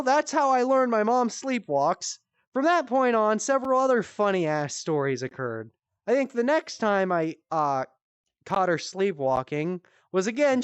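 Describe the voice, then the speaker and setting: A woman hosting a comedy stream, telling a story in casual, animated style, swearing freely and jumping high for quoted voices. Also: smooth, no room sound. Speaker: comedy show host. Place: virtual-world live stream.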